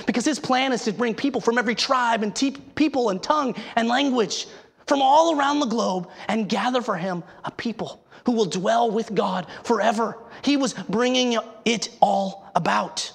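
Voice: mid-range voice, normal speed, gravelly, slightly rough. A preacher giving an emphatic sermon, asking the listeners rhetorical questions and sometimes restarting words.

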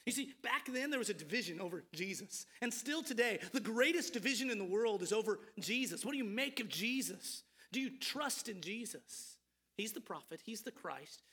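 Preacher, mid-pitched voice, earnest sermon delivery, heavy use of rhetorical questions. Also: sharp tone.

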